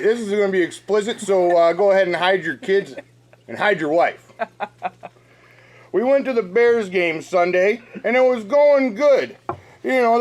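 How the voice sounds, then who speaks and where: A man co-hosting a fantasy football show, ranting in a sweary, exasperated way about his team. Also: high voice. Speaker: fantasy football podcast co-host. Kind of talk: profane comedic rant and sports chat.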